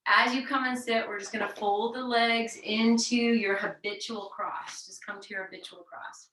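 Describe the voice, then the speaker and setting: A woman leads a yoga class with gentle, encouraging cues, stopping to demonstrate forceful breathing exercises. Her voice is bright and clear. She is recorded from some distance in an echoey room. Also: a little high, fairly even intonation, normal speed, a little hiss or hum. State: sweating from exertion. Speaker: yoga teacher. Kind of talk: guided yoga class instruction. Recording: roomy echo, voice heard from a distance.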